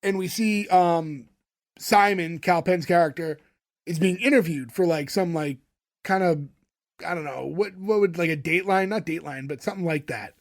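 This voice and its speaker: High-ish guy rambling thru a tv recap on a podcast, lots of likes and ums. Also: moderate pace. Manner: rambling, filler-heavy retelling of scenes. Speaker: podcast co-host. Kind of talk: casual recap chat.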